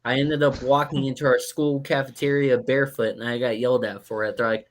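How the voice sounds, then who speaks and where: A man's voice: medium pitch, a little fast. Panelist, man, casual anecdote-teller, mid-range voice, acts out quotes. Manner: animated anecdote-telling with acted-out quotes. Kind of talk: casual chat.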